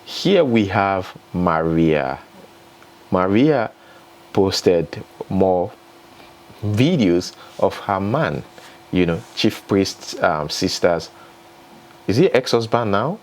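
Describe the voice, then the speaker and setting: A man's voice: low-pitched, lively intonation, extremely slow, pauses often, slight background noise. A Nigerian man hosting an entertainment news vlog, chatty and opinionated, who cannot pronounce R. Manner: chatty, opinionated, laughs between remarks. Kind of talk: casual news commentary vlog.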